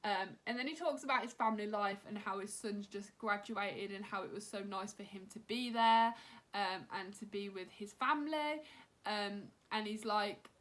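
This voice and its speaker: A woman's voice: medium pitch, fairly even intonation, moderate pace, a bit bright. A woman in her thirties, recapping a wrestling show in a chatty, emotional way, filling gaps with "um" and "like". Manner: chatty, emotional, heavy use of "um" and "like". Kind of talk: casual recap chat.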